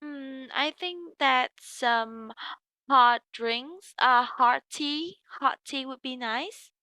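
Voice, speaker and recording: A woman teaching English, acting out an ordering role-play with a student in a slow, drawn-out, encouraging way. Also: sits high, bright, forceful tone, no echo.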